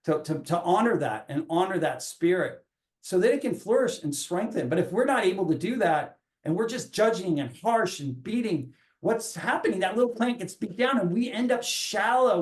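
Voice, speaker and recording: A man in his forties, a coach talking earnestly in a reflective podcast, often restarting his phrases as he thinks aloud. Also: high voice. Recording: roomy echo.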